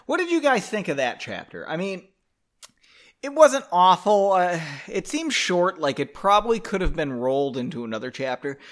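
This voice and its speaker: A man's voice: high voice, sing-song, normal speed. Sarcastic man mocking his own novel. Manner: sarcastic, profane, self-mocking. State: drinking. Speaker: podcast host reading his own novel. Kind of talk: comic read-aloud with asides.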